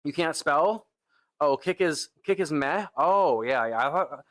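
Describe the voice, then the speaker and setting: A man's voice: on the high side, animated, a little slow, a bit bright. Laid-back young male gym streamer. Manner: laid-back, talks to chat with lots of "bro" and "like". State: tired arms after lifting, sighing between sets. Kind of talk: casual live-stream chat.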